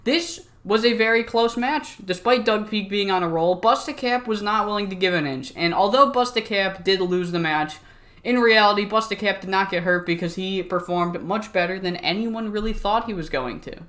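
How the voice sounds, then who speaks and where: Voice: medium pitch, normal speed, fairly bright tone. A YouTuber casually commenting on a wrestling sim game, rambling, swearing and laughing at their own slip-ups.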